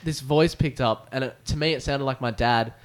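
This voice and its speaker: A man's voice: medium pitch, normal speed. A young male radio host in casual banter, telling a story and acting out what people said. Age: young adult. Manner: animated storyteller, acts out the dialogue.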